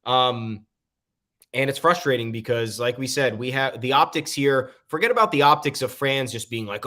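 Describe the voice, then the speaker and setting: An opinionated man co-hosting a casual sports podcast, talking in a mid-pitched voice. He rambles through his points with frequent "um" fillers. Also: brisk, a bit bright. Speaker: podcast co-host.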